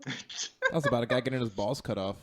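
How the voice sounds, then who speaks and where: A man's voice: medium pitch, lively intonation, brisk, a bit bright. A man co-hosting a podcast, playfully tossing out wild guesses. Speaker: podcast co-host. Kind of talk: casual podcast banter.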